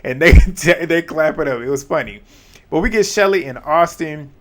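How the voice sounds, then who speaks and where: Chatty man recapping a reality show. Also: on the high side. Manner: chatty, laughs often, drops quick asides. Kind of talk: casual episode recap.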